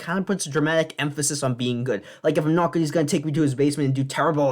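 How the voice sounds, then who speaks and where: A man's voice: fairly high pitch, fast talker, hardly any pauses. A man doing a comedic monologue as a vlogger, sarcastic and swearing, with rants that climb into mock outrage.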